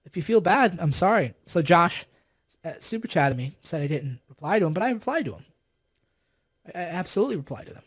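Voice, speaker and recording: A man's voice: sits high, big pitch swings, fairly quick, husky. A man hosting a livestream, ranting with sarcasm and exasperation as he mocks his opponents. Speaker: political commentator hosting a livestream.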